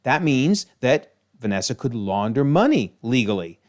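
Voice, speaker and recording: A man hosting a video, recapping a TV episode in an animated, exclaiming way. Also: mid-range voice, moderate pace. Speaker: video host.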